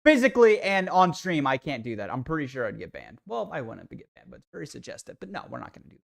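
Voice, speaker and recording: A man's voice: fairly high pitch, big pitch swings, fast, creaky. A young man livestreaming a video game, ranting and swearing in exasperation while talking casually to his viewers.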